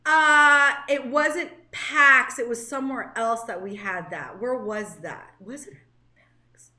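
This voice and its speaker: A woman's voice: a little high, a little slow, bright, forceful tone, reverberant. A woman in her thirties from Southern California, co-hosting a casual podcast and talking candidly, with lots of fillers and restarts. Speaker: co-host.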